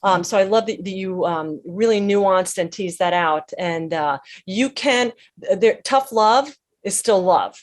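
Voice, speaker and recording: A woman's voice: medium pitch, measured pace. A woman guest in a podcast interview, speaking emphatically and punchily, full of sayings. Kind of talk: conversational interview.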